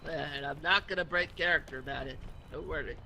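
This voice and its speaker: A man's voice: on the high side, quick pace, creaky, pushed and bright, slight background noise. A man trash-talking and joking in gaming voice chat.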